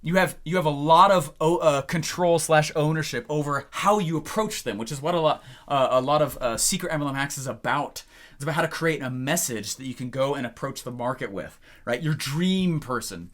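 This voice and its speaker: A man's voice: on the high side, brisk. A young man coaching on business, telling stories and acting out the phone calls as he goes. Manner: animated storyteller who acts out phone calls. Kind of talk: energetic talking-head lesson.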